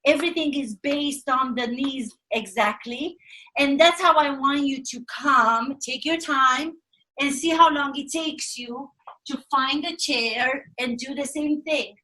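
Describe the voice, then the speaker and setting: A woman with a Romanian accent hosts a podcast as an acting coach, giving energetic directions. Her voice is high and bright. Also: unhurried.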